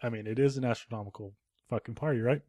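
A man hosting a casual podcast from home, retelling a film in a rambling, profane, animated way. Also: medium pitch, quick pace. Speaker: podcast host.

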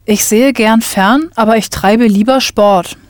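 Female learner voice, careful deliberate drill answers, dry close recording. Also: fairly high pitch, no echo. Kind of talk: lesson drill responses.

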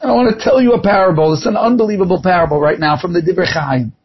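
A man's voice: high voice, quick pace, breathy edge, lo-fi sound. A man giving an impassioned sermon, telling a parable as a preacher. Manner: impassioned storytelling.

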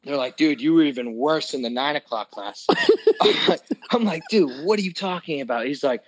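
Young male co-host, profane and joking storyteller, slightly higher voice. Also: lively intonation, a little fast, low-quality recording. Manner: profane, joking, acts out quoted friends. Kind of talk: casual chat, storytelling.

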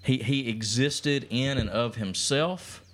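A man's voice: medium pitch, takes it slowly, slight background noise. A man hosting a casual theology podcast, easygoing, reading listener reviews aloud and laughing along with his co-hosts. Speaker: podcast host. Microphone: studio microphone.

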